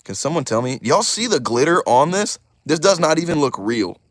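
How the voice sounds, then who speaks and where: A young man hosting a casual live stream, excitable and chatty, talking straight to his chat. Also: fairly high pitch, normal speed, no echo, clean studio sound. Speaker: YouTuber host of a live stream.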